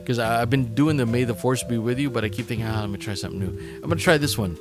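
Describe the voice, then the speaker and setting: A man's voice: medium pitch, fast talker. A man hosting a solo podcast, his voice tired and used up after a long recording. He rambles in a loose, self-mocking way, stumbling over fillers as he goes. Music plays faintly underneath. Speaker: podcast host. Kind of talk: casual solo podcast sign-off.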